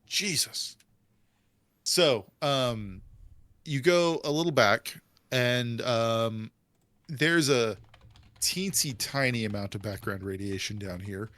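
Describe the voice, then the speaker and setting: Rambling tabletop game master, man, mid pitch, dry mic. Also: expressive, takes it slowly, fairly bright tone, dry recording. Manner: chatty, rambling descriptions with fillers.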